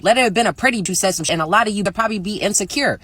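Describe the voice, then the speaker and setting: Blunt, bright-voiced ranting woman. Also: racing, husky, no echo. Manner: blunt, profane, mocks others in high sing-song voices. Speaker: reaction video creator. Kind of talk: ranting commentary.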